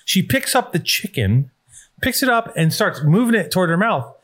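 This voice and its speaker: A man's voice: high voice, sing-song, moderate pace, a bit bright. A man hosting a podcast, telling a rambling, profane story in casual chat and reading an ad. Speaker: podcast host.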